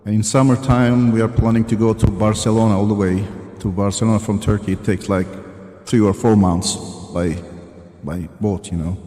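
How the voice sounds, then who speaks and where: A man guest-hosting a live stream talks in a halting way, stopping to search for words and restarting his sentences. His voice is low and mellow. He sounds like he is in an echoey room with a long reverb tail. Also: steady tone. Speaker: guest co-host, travel channel creator. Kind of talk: casual live-stream chat.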